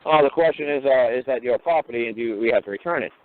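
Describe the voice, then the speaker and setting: Blunt profane man on a phone line. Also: mid-range voice. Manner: blunt, profane, rapid rhetorical questions. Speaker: talk show guest lecturer. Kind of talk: profane call-in talk.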